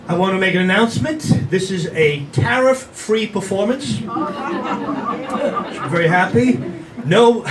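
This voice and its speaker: Older male stand-up comic, slightly high voice, self-deprecating wisecracks, recorded from a distance with a noisy room. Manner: wisecracking, self-deprecating, quick asides to the crowd. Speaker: stand-up comedian. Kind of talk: stand-up comedy set. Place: comedy venue with a live audience. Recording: distant room sound with noticeable background noise.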